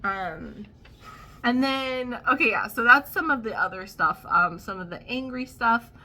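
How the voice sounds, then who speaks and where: A woman's voice: on the high side, animated, a little slow, bright, forceful tone. A young adult woman vlogging a casual storytime, rambling and wry with amused asides.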